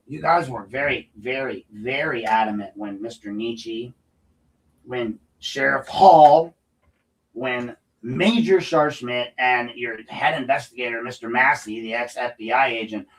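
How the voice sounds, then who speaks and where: A man's voice: medium pitch, far from the mic, low-quality recording. Profane, combative man ranting off-mic. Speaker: podcast host. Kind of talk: unscripted solo rant.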